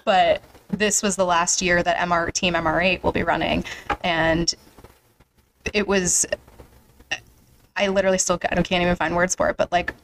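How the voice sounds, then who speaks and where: A woman's voice: on the low side, flat delivery, moderate pace, long pauses, a bit bright, a little hiss or hum, poor audio. A young woman hosting a podcast, chatting casually and emotionally, with a lot of "like" fillers. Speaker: podcast host. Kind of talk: casual interview chat.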